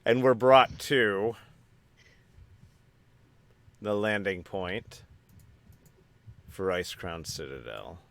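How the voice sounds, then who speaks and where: Male game master, slow and low, dramatic narration. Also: very animated, gravelly, a bit bright.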